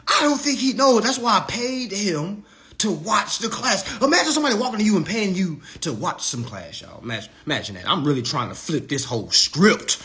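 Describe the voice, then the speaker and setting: A man tears into a rival in a profane live-stream roast. His voice sits very high and bright, swinging wildly up and down as he mocks, repeats his jabs and swears freely. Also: animated, normal speed. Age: 30s. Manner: heated, mocking, swearing freely, repeating lines for effect.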